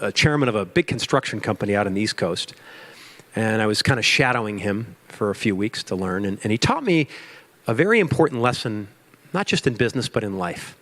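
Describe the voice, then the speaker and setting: A man's voice: on the low side, a bit bright. A man giving a motivational keynote to an audience, with emphatic repetition and storytelling. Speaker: keynote speaker. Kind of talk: motivational speech.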